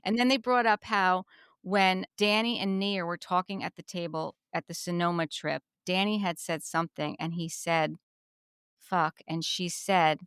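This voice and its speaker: A woman's voice: on the low side, normal speed, smooth, no room sound, studio quality. A woman from New Jersey co-hosting a podcast, chatting casually and retelling reality-show scenes with a lot of repetition. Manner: chatty, repeats herself, animated retelling. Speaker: podcast co-host.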